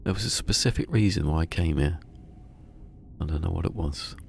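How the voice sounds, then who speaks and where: English man, game streamer, deep voice, rambling casual chat, restarts sentences. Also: fairly quick, gravelly, a little hiss or hum. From England.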